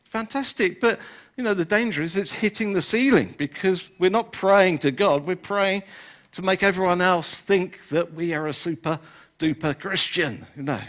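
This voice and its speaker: Older pastor, fairly high voice, chatty sermon, lots of "you know". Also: male voice, moderate pace, a bit bright. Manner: conversational, peppered with "you know".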